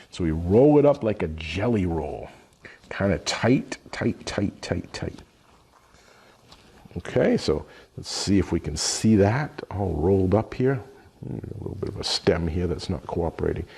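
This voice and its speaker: A man's voice: lowish voice, darkish tone, husky. A middle-aged man giving a cooking demonstration lesson, explaining each step as he works with his hands. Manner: explanatory, talks through each step while working. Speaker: culinary instructor.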